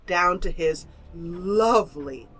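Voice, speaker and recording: A woman's voice: lowish voice, slow pace, fairly bright tone, slightly rough. A woman narrating as game master of an online tabletop role-playing game, telling the story in a playful, giggly way with flowery descriptions. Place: online voice call.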